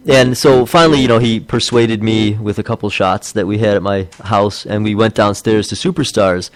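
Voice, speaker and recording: A man's voice: on the low side, a little fast, dry recording. A man in his thirties chatting casually as a podcast co-host, telling stories and acting out the quotes. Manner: animated storyteller, acts out quotes. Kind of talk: casual chat.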